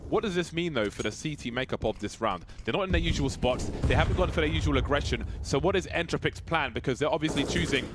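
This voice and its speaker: A man commentating a competitive shooter match, building to excited calls during big plays. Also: a little high, fast, hardly any pauses. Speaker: esports caster. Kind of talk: play-by-play commentary. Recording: noisy game sounds behind. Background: gunfire and game sounds.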